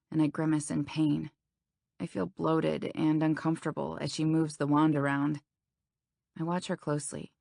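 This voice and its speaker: A woman's voice: low voice, creaky, a little mellow, no echo, studio quality. A young woman narrating a first-person romance audiobook in an intimate, anxious telling. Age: young adult.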